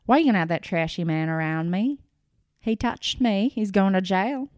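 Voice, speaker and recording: A woman imitating a pompous, angry man who rants loudly and indignantly. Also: mid-range voice, expressive, no room sound, clean studio sound, natural voice. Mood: indignant ranting. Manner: loud, rapid, indignant ranting.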